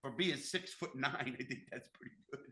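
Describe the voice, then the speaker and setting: A man's voice: mid-range voice, normal speed, bright, forceful tone. A man hosting a podcast, talking in a blunt, fired-up way and swearing freely. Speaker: podcast host. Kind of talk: casual chat.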